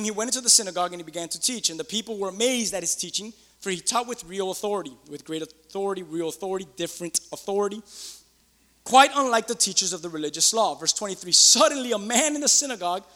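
A man preaching a sermon in church as pastor, excitable, swinging between loud outbursts and quiet asides. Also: high-pitched, fast, in a large hall.

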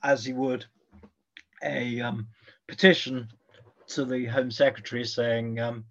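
A man talks as a guest expert in an interview, musing and pausing often as he thinks aloud. His voice sits in a middle register. The recording sounds a little dull and lo-fi. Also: mid-range voice, flat delivery. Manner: thoughtful, hesitant, with frequent fillers. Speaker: guest historian. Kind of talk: conversational interview.

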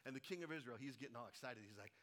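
A middle-aged man from Colorado, a pastor, preaches very fast at medium pitch. His sermon is packed with humorous stories and acted-out voices, delivered with plenty of animation.

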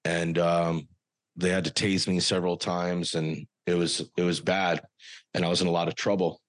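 A man with a very low voice tells a personal story as a podcast guest. His telling is earnest and halting, with many pauses. The sound is dry and close. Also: flat delivery, no echo.

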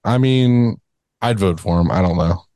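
A man co-hosting a podcast in casual chat, hesitant and halting, with many fillers and restarts. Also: low voice, mellow, dry recording, clean studio sound. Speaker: podcast co-host.

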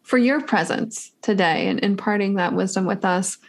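A woman hosts a podcast and speaks in an effusive, gushing manner, full of thanks and praise. Her pitch is mid-range. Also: normal speed. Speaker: podcast host. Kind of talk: casual interview chat.

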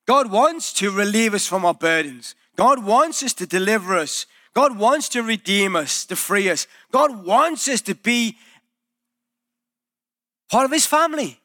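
A male pastor, speaking a little slowly in a high voice, preaches a church sermon in which he narrates energetically and performs the quoted voices.

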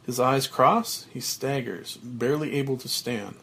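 Husky-voiced man, unhurried, reading stage directions from a screenplay. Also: mid-range voice, a bit bright. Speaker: script reader.

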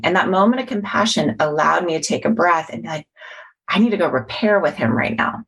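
A woman's voice: on the low side, lively intonation, brisk, vocal fry, husky. A middle-aged woman in casual conversation, explaining mindfulness and self-compassion in an earnest teaching manner.

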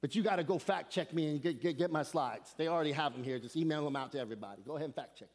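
A man preaching an animated sermon as a guest speaker, with slangy asides and shouted emphasis. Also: fairly high pitch, rapid-fire, big-room sound. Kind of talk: energetic sermon. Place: church sanctuary.

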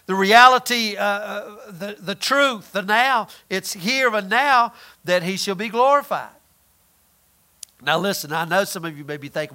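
A man's voice: sits high, a little slow, pushed and bright. A man preaching a conversational sermon, often repeating words and asking his listeners questions.

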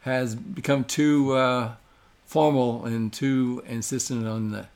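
An older man, a podcast guest, speaking mildly and haltingly with many pauses and fillers. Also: mid-range voice, fairly even intonation, darkish tone. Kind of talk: casual podcast chat.

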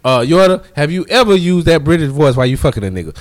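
A man's voice: on the high side, big pitch swings, fast. A man co-hosting a rowdy casual chat, blunt and provocative. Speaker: podcast co-host. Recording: chatter of other voices behind.

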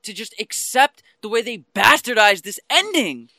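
Guy ranting hard about comics on a podcast, bright edgy tone, dry close sound. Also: sits high, big pitch swings, normal speed, gravelly, no room sound. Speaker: podcast co-host. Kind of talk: casual chat.

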